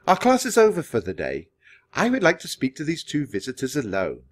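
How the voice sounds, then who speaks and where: A man voicing a calm, wise ancient teacher who speaks in an easy manner. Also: on the high side, fairly quick, voice pushed up.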